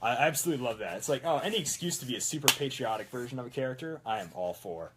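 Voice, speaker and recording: A man's voice: mid-range voice, animated, racing, heavy background noise. A man chatting casually while making a prop, rambling with self-mocking jokes. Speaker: prop maker. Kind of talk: casual workshop chat.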